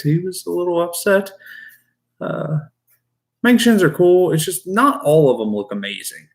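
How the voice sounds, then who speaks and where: A man's voice: on the high side, very animated, takes it slowly, creaky, long pauses. A man who keeps reptiles, chatting casually to his live-stream viewers and to his snakes as he works. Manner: chatty, talks to the animals and chat.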